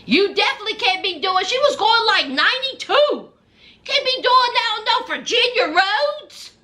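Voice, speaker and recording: A woman's voice: very high voice, sing-song, moderate pace, bright, forceful tone. A woman recapping a reality show in casual chat, talking sassily and directly to the people on screen and to viewers in slangy speech. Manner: slangy and chatty, addresses viewers as y'all.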